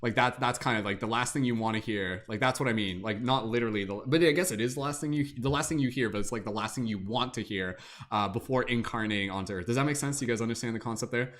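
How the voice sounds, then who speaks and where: A man's voice: mid-range voice, fast talker, fairly bright tone. A young man casually hosting an improv game on a podcast, rambling with lots of fillers and restarts. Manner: rambling, filler-heavy, self-correcting. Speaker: host.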